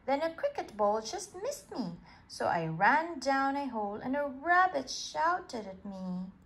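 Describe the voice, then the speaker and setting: A woman's voice: sits high, big pitch swings, measured pace, a bit bright, pitched above the performer's own voice, exaggerated voice, poor audio. A woman voicing a restless young male mole from a storybook, in a plaintive and stubborn way. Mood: breathless.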